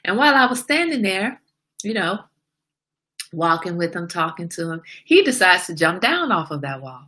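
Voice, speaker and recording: A woman hosts a casual livestream and tells her story with lively animation, breaking off to greet viewers and answer comments. Her voice sits a little low but sounds bright and crisp. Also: normal speed. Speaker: livestream host.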